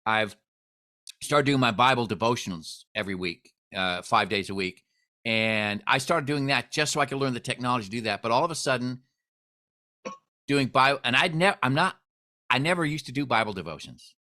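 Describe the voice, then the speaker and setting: A man hosts a casual podcast chat with a bright, forward voice. He tells stories freely and livens them up by mimicking the people in them. The sound is plain and close. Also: medium pitch, a little fast. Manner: storytelling, animated when quoting others. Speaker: podcast host.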